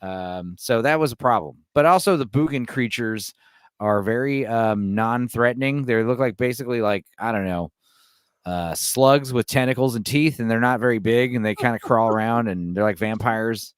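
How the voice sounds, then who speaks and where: A man's voice: medium pitch, moderate pace, clean tone, no echo. A man talking casually as a guest on a film chat show, rambling with plenty of "like" and "you know".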